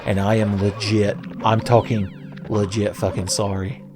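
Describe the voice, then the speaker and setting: A man's voice: fairly low pitch, little pitch movement, unhurried, over music. A man hosting a casual let's-play video, rambling with sarcastic, profane jokes. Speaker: gaming video host.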